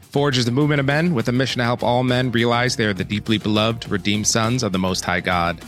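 A man's voice: mid-range voice, steady tone, fast, a bit bright, soft background music. A man who produces a podcast, reading its scripted welcome and introducing the guest. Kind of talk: podcast intro and host chat.

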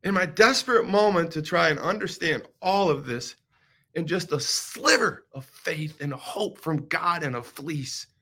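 Bright, forceful man preaching on a podcast. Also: a little high, expressive, measured pace, husky. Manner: dramatic storytelling, swinging from hushed whispers to loud pleading. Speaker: podcast host. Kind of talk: devotional podcast talk.

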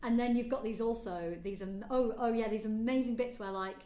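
A woman chats animatedly as a podcast co-host. Her voice sits fairly high, and she slips into little acted quotes. The sound has a roomy echo. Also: a little fast. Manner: animated, acts out quoted lines. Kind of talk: casual chat.

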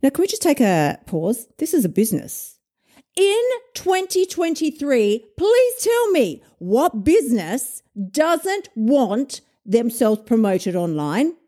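A woman, a weight loss coach telling a story in a casual monologue, animated, swearing and laughing often. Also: fairly high pitch, slow pace.

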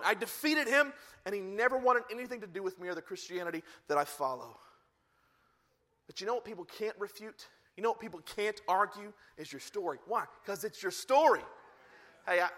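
A man preaching a sermon as a pastor, telling stories and acting out the people in them with lively energy. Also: sits high. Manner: animated storytelling, acting out quoted lines.

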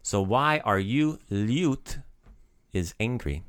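A man's voice: lowish voice, animated, takes it slowly, fairly bright tone, smooth, dry recording, clean studio sound. A man hosting a language-learning podcast, explaining phrases in a casual, upbeat way and laughing often.

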